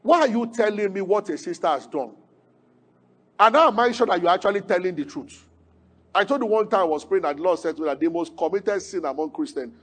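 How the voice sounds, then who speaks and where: A man preaching a sermon as pastor, asking the congregation questions, swinging from emphatic peaks to low, quiet lines.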